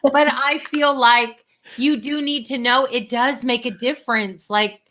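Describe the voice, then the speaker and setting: An older woman hosts a show, gushing with emotion in quick bursts. Her voice is high and bright, with a sharp, forward edge. It sounds like a video call. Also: fairly even intonation. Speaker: show host. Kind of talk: conversational interview.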